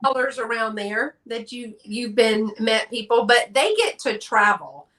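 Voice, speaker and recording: A woman's voice: a little high, expressive, unhurried, sharp tone. A woman from Texas with a Southern accent, chatting casually in a live stream and laughing often. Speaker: guest collector.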